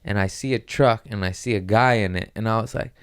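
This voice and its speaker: A man's voice: fairly low pitch, a little fast, clean tone, no room sound, clean studio sound. A man hosting a podcast, telling rambling stories in a casual chat and acting out what people said. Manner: rambling, animated storytelling with voiced quotes. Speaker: podcast host.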